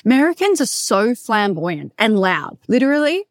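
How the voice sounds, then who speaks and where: An Australian woman hosting a casual solo podcast, loud and animated, swearing freely as she tells stories and coaches. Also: fairly high pitch, moderate pace, no room sound, clean studio sound.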